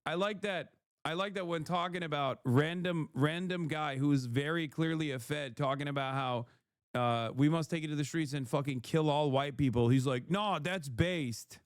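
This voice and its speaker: A man's voice: on the high side, moderate pace, clean tone, dry recording, studio quality. A man streaming, heatedly reacting to and reading out chat messages, swearing often. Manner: heated, profane, reads chat messages aloud. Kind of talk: casual livestream rant.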